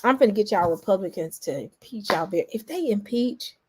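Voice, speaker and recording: A woman, a vlogger giving lively reaction commentary and talking straight to her viewers. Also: mid-range voice, brisk, background noise. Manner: animated, exclaiming, addresses viewers as y'all.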